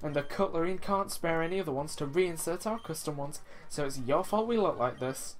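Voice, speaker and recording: A man's voice: a little high, brisk, close to an everyday voice. A man voicing a blunt, sassy young woman from a video game, in a raised voice. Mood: snippy. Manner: blunt and snippy.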